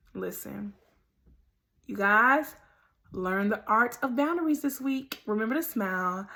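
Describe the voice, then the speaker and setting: A woman's voice: fairly high pitch, bright, forceful tone. A woman hosting a faith podcast, talking straight to listeners in an emphatic, direct, preachy way. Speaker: podcast host. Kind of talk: casual motivational monologue.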